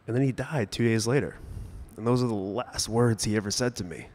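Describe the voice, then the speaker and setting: Young adult male storyteller on a stage, easygoing delivery with comic timing and sharp bursts of emphasis. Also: medium pitch, fairly quick, long reverb tail. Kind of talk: personal storytelling to a live audience. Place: stage at a brewery event.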